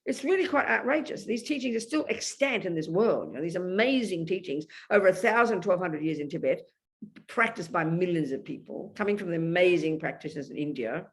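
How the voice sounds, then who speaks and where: A woman teaching a Buddhist talk to a live group, her voice swinging widely up and down as she drives each point home. She speaks bluntly and emphatically, with a steady stream of questions thrown to her listeners. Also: fairly low pitch, fairly quick. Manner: emphatic and animated, often asks the audience "you know?"; blunt, outspoken. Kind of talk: dharma talk to an audience.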